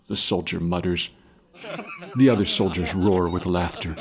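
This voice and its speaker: A man narrating a story in a grave, measured reading style. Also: sits low, fairly even intonation.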